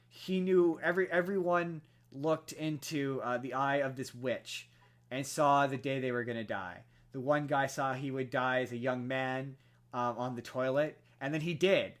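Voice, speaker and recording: A young man co-hosting a podcast, telling a film story in casual chat, full of fillers and restarts and growing animated as he goes. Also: mid-range voice. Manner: rambling with many fillers and restarts, animated when excited. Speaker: podcast co-host.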